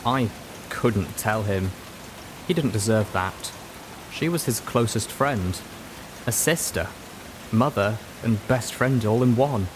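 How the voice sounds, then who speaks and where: A man reads a story aloud in a measured, dramatic way. His voice is a little low. A faint hiss and soft rain sit under the narration. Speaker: audiobook narrator. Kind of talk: scripted narration.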